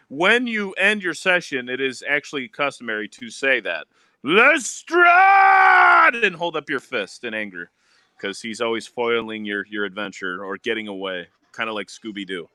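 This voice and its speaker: A man in casual, animated chat about tabletop games, laughing often and swearing freely. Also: medium pitch, clear, resonant tone, no echo.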